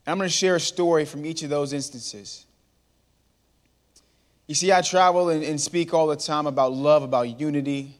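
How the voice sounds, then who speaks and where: Man in his thirties, animated speaker working a crowd, fairly high voice, long hall echo. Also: moderate pace. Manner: lively storyteller, calls out to the crowd. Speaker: motivational speaker. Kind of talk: storytelling talk to a live audience. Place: large hall before an audience.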